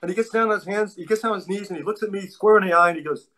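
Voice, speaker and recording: Animated storytelling man, higher voice. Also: very fast, hardly any pauses. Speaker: martial arts instructor, guest. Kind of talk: casual storytelling interview.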